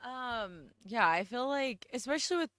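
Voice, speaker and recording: A woman's voice: a little high, lively intonation, normal speed, fairly bright tone, no echo, clean studio sound. A woman, a guest on a comedy podcast, chatting bluntly about her kids and swearing casually. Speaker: guest, host's wife.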